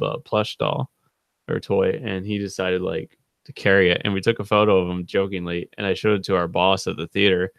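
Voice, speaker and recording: A man in his thirties hosts a live stream, rambling through funny stories about a friend, laughing often and quoting people in a raised voice. His low voice has vocal fry, recorded in studio quality with no room sound.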